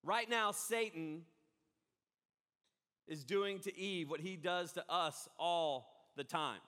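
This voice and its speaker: Man, pastor, live sermon, animated, rambling, slightly high voice, echoing church hall. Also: slow pace, pauses often. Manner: rambling, animated, self-interrupting. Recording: echoey hall reverb.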